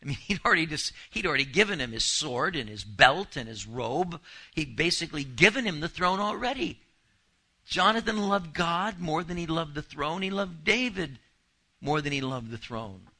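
A man's voice: fairly high pitch, animated, normal speed, pushed and bright, rough recording. A man preaching an expository sermon to a congregation, talking animatedly and often repeating words as he thinks aloud. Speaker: pastor.

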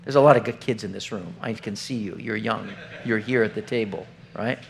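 A man's voice: fairly low pitch, brisk, vocal fry, a little hiss or hum. A middle-aged man preaching an earnest, conversational sermon, often putting questions straight to the congregation. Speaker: pastor.

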